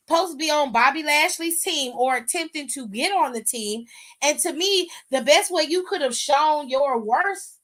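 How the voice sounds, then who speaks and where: Sassy high-voiced woman host. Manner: blunt, sassy, profane, animated. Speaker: wrestling aftershow host. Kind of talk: casual opinionated recap.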